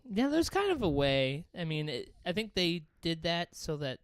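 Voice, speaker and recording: Smooth, higher-pitched casual man. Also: sing-song, normal speed, dry recording. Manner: loose, profane, laughing. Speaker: podcast co-host. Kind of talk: casual chat.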